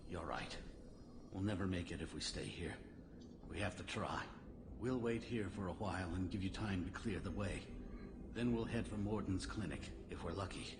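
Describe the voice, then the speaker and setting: A man's voice: deep voice, moderate pace, background noise, lightly acted. An actor voicing a weary, skeptical male civilian in a sci-fi video game. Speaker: game character. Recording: echoey hall-like game audio with music.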